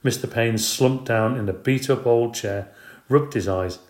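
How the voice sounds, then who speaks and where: A man narrating a children's storybook in the first person at an even, measured pace. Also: medium pitch. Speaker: audiobook narrator. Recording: roomy echo.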